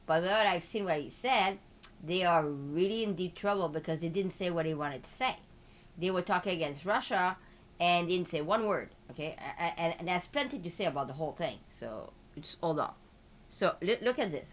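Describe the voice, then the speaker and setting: A woman from Canada with a Quebec French accent, hosting a live market commentary in an excitable way and peppering her talk with filler tags. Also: fairly low pitch. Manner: excitable, switches between French and English, full of filler tags. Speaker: host.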